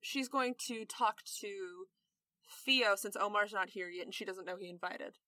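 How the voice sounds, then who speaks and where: Woman player, casual and joking; bright, dry. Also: mid-range voice, normal speed, no echo. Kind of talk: tabletop game play.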